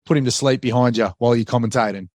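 Australian man in his forties, podcast host, matey, talks quickly, dry close sound. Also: mid-range voice, fairly even intonation, a little mellow, no echo. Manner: friendly and matey, quick-talking. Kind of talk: casual podcast chat.

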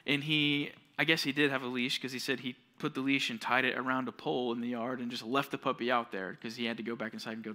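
A young man, a youth pastor, giving a sermon to junior high students and telling a story with acted-out quotes. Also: bright, forceful tone. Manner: storytelling, acts out quoted voices.

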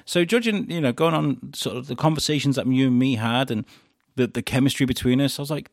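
A man's voice: mid-range voice, a little fast, dry recording, studio quality. A man on a podcast mic, telling his story in casual chat, laughing often and restarting his sentences. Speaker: podcast host being interviewed.

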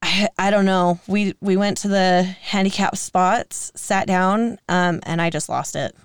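Woman, 30s, podcast co-host, candid and emotional storytelling, smooth voice, dry sound. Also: medium pitch, steady tone, no echo. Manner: emotional, earnest, quick to laugh.

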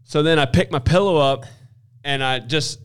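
A young man in casual conversation, joking and animated as he talks. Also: on the high side, moderate pace, smooth. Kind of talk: casual chat.

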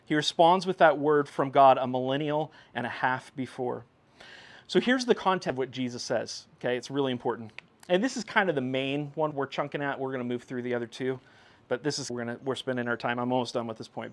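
A male pastor preaching a sermon in a conversational, animated way, swinging between hushed and loud. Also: medium pitch, fairly quick.

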